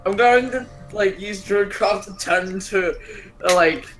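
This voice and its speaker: Male player, high voice, slow and halting delivery. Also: a bit bright, soft background music, rough recording. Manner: hesitant, halting. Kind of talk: casual tabletop game play.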